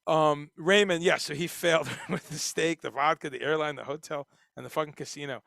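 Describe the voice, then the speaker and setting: A man hosting a casual livestream, reading chat comments and talking in a profane, animated way. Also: a little high, brisk, gravelly, no echo, studio quality. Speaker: livestream host.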